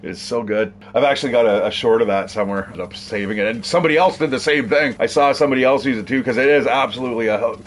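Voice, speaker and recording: A man's voice: medium pitch, very fast, hardly any pauses. A man giving casual, rambling commentary while playing a survival video game, chatting to viewers and swearing now and then. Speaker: gaming streamer.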